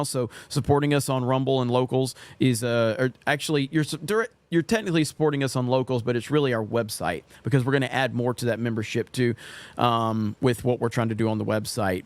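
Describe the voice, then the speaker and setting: A man's voice: mid-range voice, smooth, dry recording. A man hosting a casual live-stream chat show, reading viewer comments aloud and plugging a membership.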